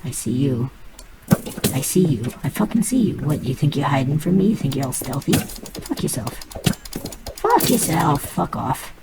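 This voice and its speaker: A woman's voice: sits low, very animated, moderate pace, vocal fry, very noisy. A woman casually talking through her gameplay, playful and muttering to herself, swearing now and then. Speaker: gamer.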